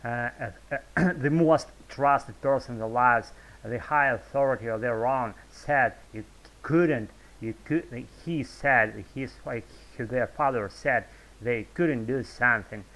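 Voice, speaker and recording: A man with a Russian accent talks straight to camera in a loose, unplanned monologue. He wanders from thought to thought, stalls on "uh" and restarts, and curses casually. His voice sits at an ordinary middle pitch. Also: takes it slowly, a bit bright, poor audio. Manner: rambling, hesitant, many fillers and restarts, swears freely. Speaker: video blogger. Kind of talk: unscripted off-the-cuff monologue.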